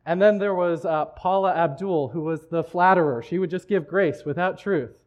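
A man's voice: high-pitched, normal speed. A man preaching a sermon in a church, talking in a conversational way with frequent restarts. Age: adult, married. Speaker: pastor.

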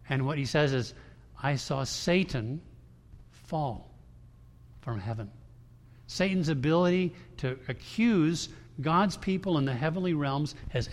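Man preaching in a reverberant hall. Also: a little high. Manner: conversational preaching with restarts and emphatic quotes. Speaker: pastor. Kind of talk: sermon.

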